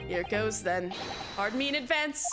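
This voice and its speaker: A woman voicing an earnest, wary young male lawyer in a game, measured and a little anxious, over game music. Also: mid-range voice, animated, voice pushed down, close to an everyday voice. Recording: game music playing behind.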